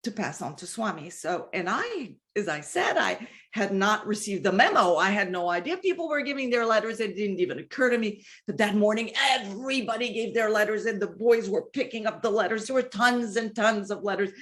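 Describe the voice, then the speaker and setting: Woman from the US, heartfelt testimony talk, earnest and emotional, medium pitch, soft hushed stretches, frequent restarts. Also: lively intonation, fairly quick. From United States. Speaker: devotee sharing a personal testimony.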